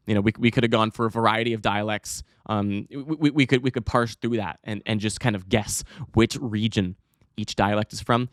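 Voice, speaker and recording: A young man hosting his own podcast, telling a rambling, self-mocking story in a casual, animated way with some swearing. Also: medium pitch, dry recording, clean studio sound. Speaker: podcast host.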